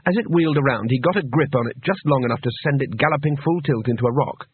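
A man reading a comic fantasy novel aloud in steady, wry scripted narration. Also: mid-range voice, fast, slightly rough, no echo. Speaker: audiobook narrator. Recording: tinny, dry, phone-like audio.

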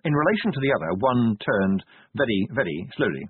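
Husky male audiobook narrator. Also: mid-range voice, very animated, brisk, dry recording. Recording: tinny phone-like band, dry.

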